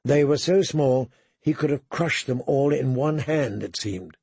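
Slow gravelly male audiobook narrator. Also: fairly even intonation, dry recording. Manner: measured, dropping to hushed low tones for tension.

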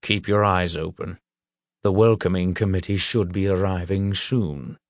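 A man voicing a calm, wry male troll companion in an audiobook, measured and dry in manner. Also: low-pitched, no room sound. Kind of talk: audiobook character voice.

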